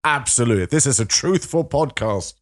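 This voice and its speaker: A man's voice: medium pitch, lively intonation, a little fast. A man with a North London accent hosting a podcast interview in a wry, playful way. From England. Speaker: podcast host.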